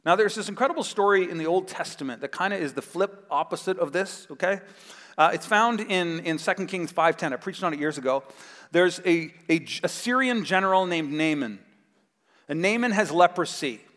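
A man preaching a sermon as pastor, telling a Bible story with animated acted-out voices. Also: high-pitched, a little fast. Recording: long hall reverb.

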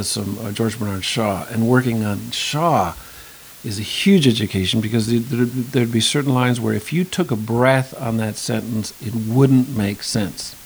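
An American actor in his fifties talks casually as an interview guest, rambling with lots of restarts and asides. His voice is lowish, and the low-quality recording carries slight background noise.

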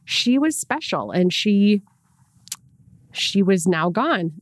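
A woman's voice: medium pitch, sing-song, slow, no echo. Candid woman with a Rochester, New York accent. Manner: candid, laughs often between thoughts. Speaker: podcast guest. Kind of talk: casual interview chat.

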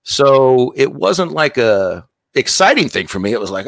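A man telling a personal story in a candid, self-mocking way, his pitch swinging up and down as he talks. He is recorded close on a dry mic with no room sound. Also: sing-song, unhurried, vocal fry, fairly bright tone, no room sound. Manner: candid, self-deprecating, joking. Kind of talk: casual storytelling.

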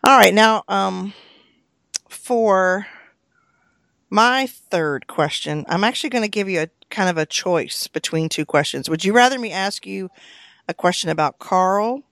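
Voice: mid-range voice, a little slow, gravelly, a bit bright, no echo. A podcast co-host in a casual chat about a TV episode, working through numbered questions with an easygoing manner and frequent chuckles.

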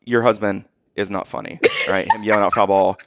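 A man telling a story in casual chat, animated, and often checking in with "okay?" and "right?". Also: on the low side, fairly quick, background noise. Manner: acts out quoted lines in raised voice.

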